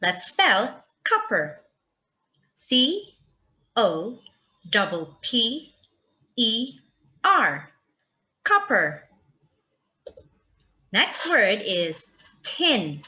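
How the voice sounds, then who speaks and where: A woman teacher talks to young children at a very slow, deliberate pace, stretching out each word and spelling it letter by letter. Her bright voice moves through a lively range of pitch. The audio is a little dull and lo-fi. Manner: slow, drawn-out spelling aloud for kids. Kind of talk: children's vocabulary lesson.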